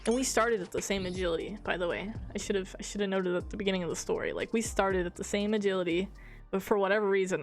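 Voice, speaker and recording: A woman streamer casually telling a funny gaming story, giggling often, swearing, and quoting a friend's lines. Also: medium pitch. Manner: giggly, swearing, animated retelling with quoted dialogue.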